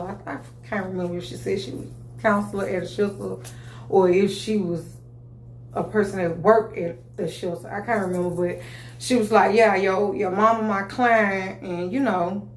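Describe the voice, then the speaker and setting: Animated woman telling a story, echoey room. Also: medium pitch, slight background noise. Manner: animated, full of restarts and "you know what I'm saying". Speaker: vlogger telling her story. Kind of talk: casual storytelling to camera.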